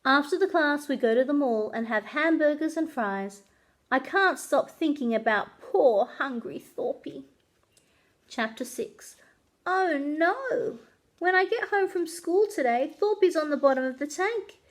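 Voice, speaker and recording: Librarian reading to kids, expressive storyteller, high and animated. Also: female voice, a little slow. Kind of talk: children's story read-aloud.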